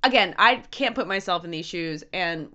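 A woman co-hosting a podcast, telling a dark story in a casual, profane, jokey way. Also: on the low side, lively intonation, normal speed, dull audio.

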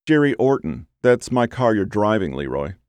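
A man voicing an unruffled older male engineer who speaks in a flat, conversational tone in an audiobook. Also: lowish voice, moderate pace, clean tone, dry recording. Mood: calm.

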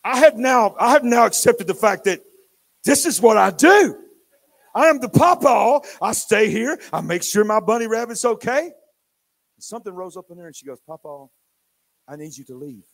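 An older male pastor with a notably high voice preaches in church. He tells stories animatedly, dropping to a near whisper, then booming out. His delivery is expressive and conversational. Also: moderate pace, creaky. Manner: animated, swinging from hushed to loud. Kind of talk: sermon storytelling.

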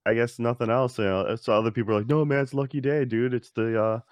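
A man's voice: mid-range voice, very fast, darkish tone, no echo. A man co-hosting a podcast over a call, laid-back, with a dry, wry humor. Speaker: podcast co-host. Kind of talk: casual podcast chat. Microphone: remote call mic.

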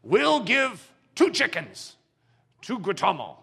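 A man's voice: high voice, huge pitch swings, slow, creaky, pushed and bright, breathy edge, heavily acted. A man voicing a tribal chief who speaks formally and apologetically while presiding over a dispute in a story. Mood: placating. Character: male tribal chief, conciliatory, official.

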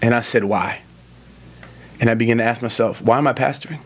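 A man's voice: medium pitch, a little fast. A man in his forties, a pastor, answering interview questions in an earnest, storytelling way that builds to emphatic moments. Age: 40s. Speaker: pastor and podcast guest. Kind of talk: conversational interview, preacherly storytelling.

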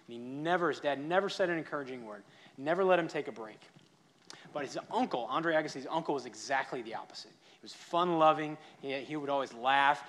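A man delivers a sermon in a mid-range voice. He tells stories and swings between loud, emphatic lines and soft, quiet asides. A faint hiss of background noise sits under the recording. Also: medium pitch. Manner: storytelling, varies loudness for emphasis. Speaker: pastor.

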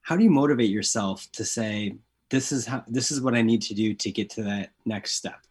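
A man's voice: on the low side, normal speed, a little mellow, slightly rough. A man hosting an interview, asking friendly questions with hesitant restarts. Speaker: interview host.

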